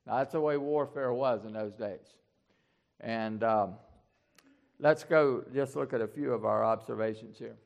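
A man's voice: mid-range voice, measured pace, vocal fry, lo-fi sound. A man preaching a storytelling sermon in a folksy way, often repeating words and restarting.

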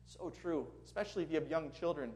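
Man, pastor, sermon, conversational, asks the congregation questions, somewhat high voice. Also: fast talker, darkish tone.

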